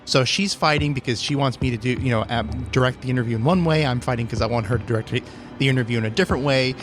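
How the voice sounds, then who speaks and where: A man sitting in as a guest on a podcast, telling stories in an animated, teasing casual chat. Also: mid-range voice, fast talker, a little hiss or hum. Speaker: guest co-host.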